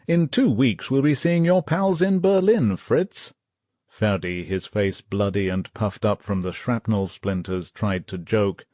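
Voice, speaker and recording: A man reading an audiobook in steady, measured scripted narration. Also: low-pitched, no room sound. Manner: measured, steady storytelling, voicing characters' shouts.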